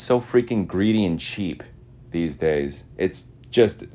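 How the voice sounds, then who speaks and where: A low-pitched man from Utah talking to himself in a loose, wandering monologue. He gets loud and repetitive at times and then drops into quiet mumbling. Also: lively intonation, takes it slowly. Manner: restless, repetitive, swings between loud chanting and mumbling asides. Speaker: podcaster. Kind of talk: rambling monologue voice message.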